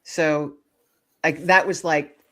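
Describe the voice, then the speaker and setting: A woman guest author shares a personal story in a relaxed interview. Her voice sits a little low, and she tells the story with animated expression, bringing the quoted voices to life. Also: slow.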